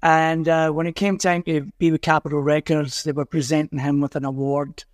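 An older man with a Glasgow Scottish accent, a musician guest telling anecdotes in an animated way and acting out the voices of the people in them. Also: on the high side, normal speed, dry recording, studio quality. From Scotland. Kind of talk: animated storytelling.

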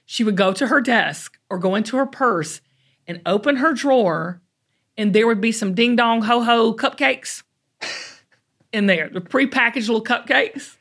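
Give me a middle-aged woman with a Southern American accent hosting a show, telling stories in a lively, chatty way. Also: a little high, measured pace. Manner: chatty, animated storytelling with drawled asides. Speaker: host. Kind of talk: casual chat.

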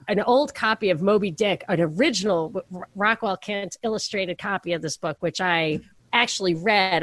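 A woman's voice: medium pitch, no room sound, clean studio sound. A middle-aged woman on a podcast, telling rambling, self-deprecating stories in casual chat. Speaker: podcast co-host.

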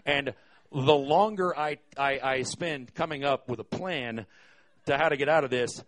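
A man's voice: mid-range voice, a little slow, a bit bright. A man, a concert venue manager, telling a live stage story in a wry, profane way, hesitating often with fillers.

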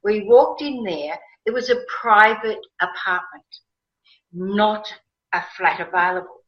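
A woman telling a personal story in a casual interview, animated and emotional, acting out her own past words. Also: mid-range voice, a little slow. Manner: animated, emotional, quotes herself with rising excitement. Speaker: guest. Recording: roomy, slightly dull sound.

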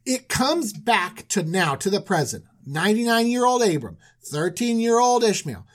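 Animated high-voiced man joking. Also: moderate pace. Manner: animated, jokey, swooping pitch. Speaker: podcast co-host. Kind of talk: comedic Bible retelling.

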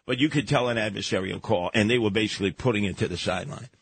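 A man's voice: lowish voice, quick pace, fairly bright tone, slightly rough. A man hosting a radio talk show, telling stories and giving blunt, emphatic advice at a studio microphone.

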